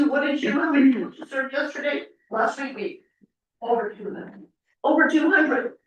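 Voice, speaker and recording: A woman giving an earnest, rambling public comment at a city council meeting, tearful as she speaks. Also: high-pitched. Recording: echoey council chamber, mic at a distance.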